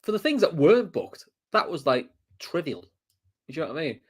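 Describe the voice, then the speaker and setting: A man's voice: fairly high pitch, very animated, fairly quick, breathy edge. A man co-hosting a casual football reaction show, ranting about the referee and swearing freely. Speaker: podcast co-host. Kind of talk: casual match-reaction chat.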